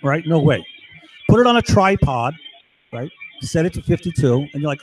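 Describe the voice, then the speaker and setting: A man's voice: a little high, very animated, moderate pace, a little hiss or hum, low-quality recording. Agitated man rambling to camera. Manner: agitated, repetitive, keeps asking "right?". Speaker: video blogger. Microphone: computer recording.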